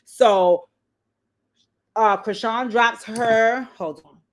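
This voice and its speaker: A woman casually recapping a reality show, telling the story with lively quoted voices and blunt slang. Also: fairly high pitch, very slow. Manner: animated storytelling, acting out quotes.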